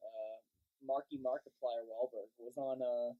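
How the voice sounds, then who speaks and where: A young man co-hosting a podcast, chatting casually with a hesitant, halting delivery. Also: medium pitch, fairly even intonation, phone-quality sound. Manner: hesitant, lots of fillers and restarts. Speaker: podcast co-host. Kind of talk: casual chat.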